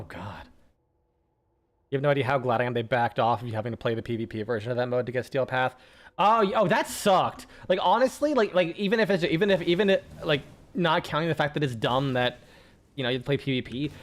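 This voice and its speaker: A young man streaming a game and chatting casually, rambling with frequent restarts and plenty of swearing. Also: medium pitch. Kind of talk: casual gaming chat.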